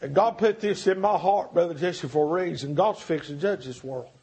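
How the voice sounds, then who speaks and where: Impassioned preacher, husky and high. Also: male voice, a little fast. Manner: impassioned, swings from shouting to hushed pleading. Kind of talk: revival sermon. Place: church.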